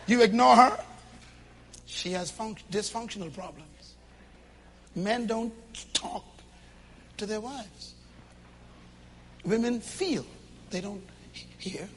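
A man preaching a sermon to a church congregation, emphatic, with loud bursts and low asides. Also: slow, long pauses, slight background noise.

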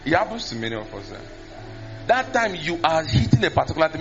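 A high-pitched man delivers a lively sermon into a handheld mic. He acts out prayers and repeats words for emphasis. The recording is dull and lo-fi, with faint music behind him. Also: fast talker. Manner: animated, mimics tongues and prayers, repeats words. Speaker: preacher.

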